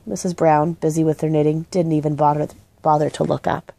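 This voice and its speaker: A woman's voice: low-pitched, little pitch movement, fairly quick, vocal fry, hardly any pauses, dark tone, dry recording. Woman reading a children's book aloud. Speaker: storybook reader.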